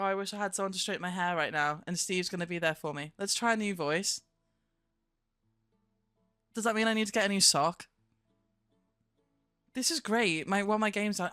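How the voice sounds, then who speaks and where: A young woman live-streaming with a slight lisp, chatting fast, giggly and excitable. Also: mid-range voice, no echo, studio quality. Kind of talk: casual live-stream chat.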